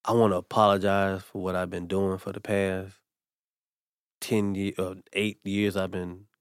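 A comedian guest relaxes into a personal story on a podcast, his fairly low voice smooth and a little slow. He tells it animatedly, slipping into the voices of the people he quotes. The recording is dry and close to the mic.

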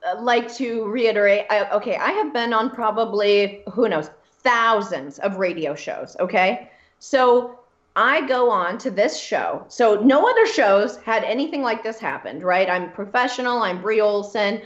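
A woman guest in an interview, telling a personal story in a candid, emphatic way and repeating phrases for stress. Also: mid-range voice. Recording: roomy, dull lo-fi sound.

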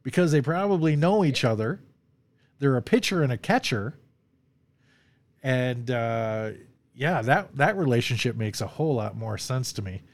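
A man's voice: medium pitch, lively intonation, normal speed. A man hosting a casual movie discussion podcast, rambling and laughing often as he quotes lines. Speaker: podcast host.

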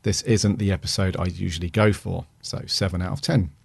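A low-voiced man co-hosts a fan podcast, reading out listener reviews in an easygoing manner with plenty of ums and uhs. The recording is dry and close. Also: fairly quick, gravelly, husky, no room sound. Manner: relaxed, reads aloud with fillers. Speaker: podcast co-host.

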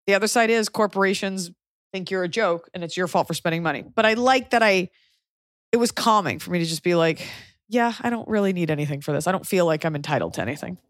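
A woman's voice: on the low side, quick pace, dry recording, clean studio sound. A woman comedian hosting a podcast, telling stories in casual chat and acting out other people's lines. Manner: animated storytelling, acting out quotes.

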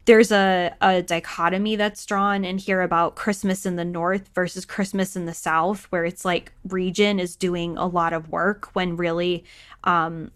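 A woman's voice: on the low side, flat delivery, measured pace, clear, resonant tone. A woman co-hosting a casual book chat, analytical with joking asides. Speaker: podcast co-host. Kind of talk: casual chat about books.

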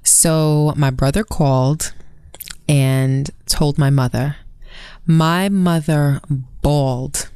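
A woman's voice: sits low, steady tone, takes it slowly, mellow, smooth, no room sound, clean studio sound. A woman co-hosting a podcast, telling a family story earnestly in casual conversation. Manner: earnest storytelling, mimics family members in quotes. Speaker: podcast co-host.

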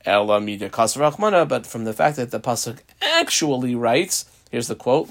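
A man's voice: mid-range voice, expressive, normal speed, few pauses. A man teaching a Talmud page, reading the Aramaic phrase by phrase and explaining each in English, with frequent ums. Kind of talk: Talmud lesson reading and translating text.

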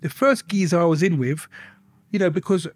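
A middle-aged man, a softly spoken interview guest telling his life story and swearing freely. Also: high-pitched, fairly quick, dry recording, studio quality.

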